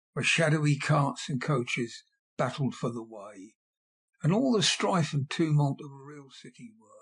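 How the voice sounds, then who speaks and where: Husky male audiobook narrator. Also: on the high side.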